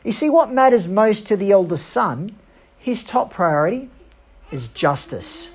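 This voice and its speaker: A woman preacher giving an earnest, emphatic sermon with dramatic pauses. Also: medium pitch, sing-song, slightly rough.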